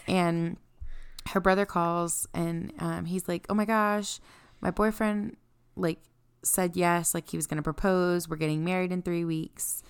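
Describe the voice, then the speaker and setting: Lowish creaky woman, smooth voice, chatty book recap, laughs a lot. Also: little pitch movement, unhurried. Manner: chatty, laughs often, swears casually. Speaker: book podcast co-host. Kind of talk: casual book recap chat.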